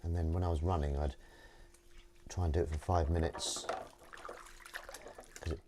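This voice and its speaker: A man's voice: very deep voice, fairly even intonation, moderate pace. A man hosting a casual stream from his home kitchen, chatting and joking with viewers as he washes up. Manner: chatty and rambling, jokey asides to viewers. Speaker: host washing dishes on a livestream. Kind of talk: casual chat while washing up. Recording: dish clatter and water noise. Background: clinking dishes and cutlery.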